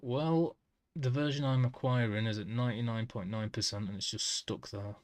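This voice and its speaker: A man's voice: medium pitch, dry recording. Man sounding out foreign phrases on stream. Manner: tries out foreign phrases haltingly, chuckling at himself. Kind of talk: casual live-stream chat.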